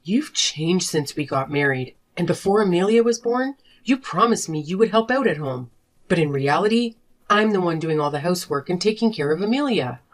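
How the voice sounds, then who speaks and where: A woman voicing a furious wife and mother who confronts her selfish husband in an animated drama. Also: fairly low pitch, moderate pace, natural voice. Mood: fed up. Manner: sharp, accusing, confrontational. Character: fed-up wife and mother demanding divorce. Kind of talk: animated story voice acting.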